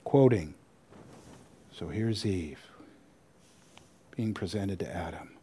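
A man preaching a sermon, animated, with wry asides and repeated points. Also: low-pitched, slow pace, a little hiss or hum. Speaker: pastor.

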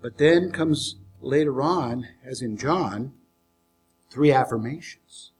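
A man preaching a sermon, retelling a scripture story with acted-out lines and sudden hushed whispers. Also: medium pitch, takes it slowly, slight background noise. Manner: dramatic storytelling, acting out scenes, dropping to whispers for emphasis. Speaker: pastor.

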